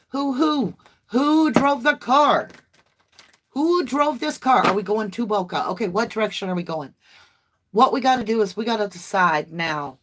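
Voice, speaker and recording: A woman's voice: mid-range voice, a bit bright. A woman, hosting a casual livestream tarot reading in a chatty, folksy way and addressing viewers as y'all. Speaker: tarot reader livestream host.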